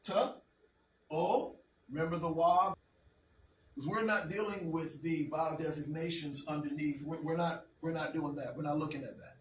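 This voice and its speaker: A man's voice: fairly high pitch, steady tone, moderate pace. A man teaching a class, talking patiently and checking understanding with frequent "okay?". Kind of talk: classroom language lesson. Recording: roomy, distant, faint background noise.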